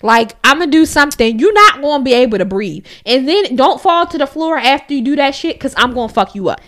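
A woman chatting casually, blunt and profane, telling animated stories with frequent restarts. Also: high voice, fairly quick. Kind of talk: casual chat.

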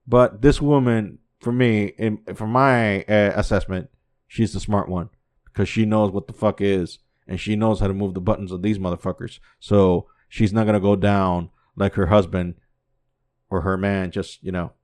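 A man hosting a podcast in profane casual commentary, swearing constantly and repeating himself, swinging from low muttering to loud incredulous outbursts. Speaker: podcast host.

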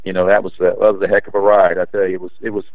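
A middle-aged man, a former high school basketball player, telling his memories in a rambling, animated way with many fillers. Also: rapid-fire, no echo, phone-quality sound. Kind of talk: casual interview storytelling.

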